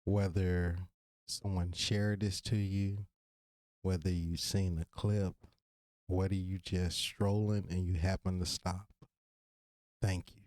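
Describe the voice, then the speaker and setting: A man in his thirties with a Virginia accent speaks to his listeners in a solo podcast, casual and full of slang but sincere. His voice sits a little low and sounds warm and mellow. The sound is dry and close, with no room echo. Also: level tone, slow pace, long pauses. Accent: Virginia, Southern US. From Virginia, USA. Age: 30s. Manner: casual, earnest, slangy, direct address to listeners. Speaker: podcast host.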